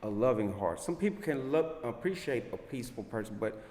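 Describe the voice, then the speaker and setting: Man, interview guest, earnest, warm-hearted, mid-pitched voice, roomy sound, long reverb. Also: animated, a little fast. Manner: earnest and warm-hearted, repeats "you know what I'm saying". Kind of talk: casual interview chat. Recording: echoey room with long reverb.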